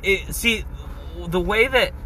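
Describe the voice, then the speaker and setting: A man's voice: high-pitched, slow pace, pushed and bright, slight background noise, poor audio. A man hosting a podcast in crude, joking banter with friends, laughing often. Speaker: podcast host.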